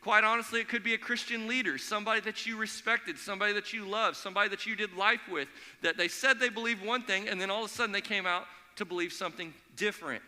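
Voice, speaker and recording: A man preaching a sermon as pastor, telling stories in an energetic, conversational way. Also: high voice, quick pace, hardly any pauses. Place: church sanctuary. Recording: long hall reverb.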